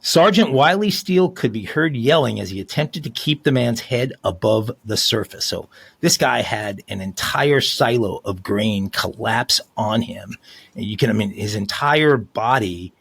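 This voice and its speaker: A man's voice: fairly low pitch, animated, unhurried, creaky, a bit bright, husky, no room sound. A man co-hosting a crime podcast, reading news stories aloud in a casual, jokey way.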